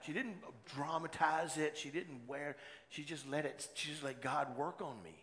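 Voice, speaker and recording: A man preaching a sermon as pastor, moving between loud exhortation and hushed personal storytelling. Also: on the high side, moderate pace. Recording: long hall reverb, faint room noise.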